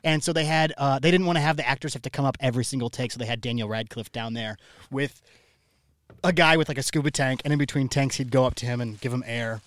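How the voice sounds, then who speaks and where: A man's voice: mid-range voice, fast talker, a bit bright, no echo. A man co-hosting a podcast, telling stories in a chatty, casual way into a studio mic. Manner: chatty storyteller. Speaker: podcast co-host. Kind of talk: casual chat. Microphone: studio microphone.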